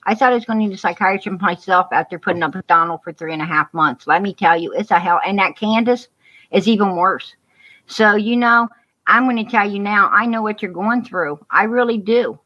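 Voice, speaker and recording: A woman's voice: medium pitch, fairly quick, bright, forceful tone. A woman talking on a livestream call, repeating herself, comforting another caller and getting fired up. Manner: repetitive, consoling, fired-up, says "you know what" often. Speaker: guest on a livestream. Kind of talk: emotional livestream call-in chat. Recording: dull lo-fi stream audio.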